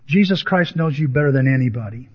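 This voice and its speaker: A man's voice: medium pitch, lively intonation, quick pace. A man from Southern Illinois preaching a conversational storytelling sermon, asking his listeners questions. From Southern Illinois, USA. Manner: conversational, asks the audience questions. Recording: dull recording in a reverberant hall.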